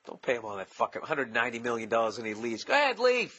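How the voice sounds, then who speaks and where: A man in his forties with a Boston accent, hosting a solo podcast in a profane, sarcastic comic rant that jumps up loud when he mocks people. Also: medium pitch, flat delivery, racing. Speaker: podcast host.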